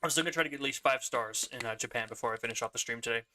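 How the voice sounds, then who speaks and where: A man's voice: medium pitch, very fast, bright, forceful tone, slight background noise. A young man streaming a video game, chatting casually and rambling, often laughing. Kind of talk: casual gameplay commentary.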